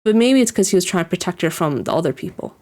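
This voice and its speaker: A woman's voice: lowish voice, lively intonation, fast talker, a little mellow. A woman giving casual reaction commentary on an anime episode, rambling with lots of fillers and restarts. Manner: rambling, lots of "like" and restarts, chuckles while describing scenes.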